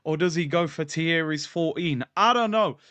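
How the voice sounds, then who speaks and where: A man's voice: a little high, normal speed, a bit bright, clean tone, no room sound. A man hosting a casual football livestream, hyped, slangy and jokey. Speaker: football channel host. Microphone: streaming mic.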